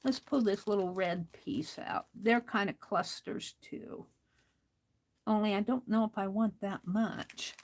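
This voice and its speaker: A woman's voice: mid-range voice, measured pace, darkish tone, rough recording. An older woman hosting a crafting livestream, talking to herself as she works and chatting with viewers, laughing often. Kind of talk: casual crafting chat while reading viewer comments.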